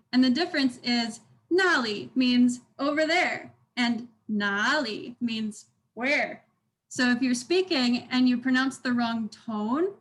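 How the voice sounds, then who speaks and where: A woman's voice: fairly high pitch, poor audio. A young woman teaching an online language workshop over a video call, upbeat and encouraging, modeling sounds for the class to repeat. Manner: upbeat, encouraging, demonstrates tones aloud.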